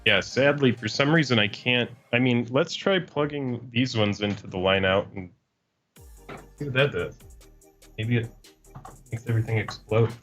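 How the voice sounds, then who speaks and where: A man's voice: medium pitch, moderate pace, pauses often, fairly bright tone, soft background music. A man co-hosting a casual livestream, grumbling about tech troubles in a self-deprecating way. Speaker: livestream co-host.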